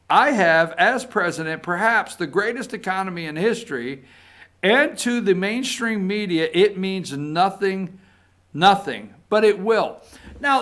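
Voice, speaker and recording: A man with a Southern US accent hosting a casual political talk show, reading posts aloud in a folksy, sarcastic way. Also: sits high. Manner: folksy, sarcastic, animated when reading quotes. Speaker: political commentary host.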